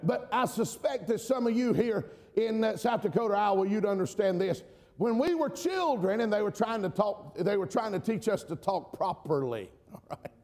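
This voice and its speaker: A middle-aged man from the US South with a Southern drawl, preaching a sermon, emphatic, often calling out amen and swinging between shouts and quiet asides. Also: high-pitched, expressive, normal speed, long reverb tail. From Georgia, US South.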